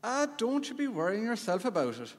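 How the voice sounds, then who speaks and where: A man's voice: sits high, big pitch swings, a little fast. Irish man on a conference stage. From Ireland. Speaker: Irish community member on stage. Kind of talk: comic stage sketch. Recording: live stage mic in a hall.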